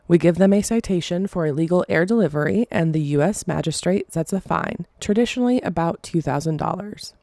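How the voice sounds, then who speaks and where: A woman's voice: lowish voice, gravelly, mellow, dry recording, clean studio sound. A woman hosting a podcast, telling a story casually, often stumbling and apologizing. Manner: halting, apologizes for stumbling over words. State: emotional, choked up. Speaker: podcast host.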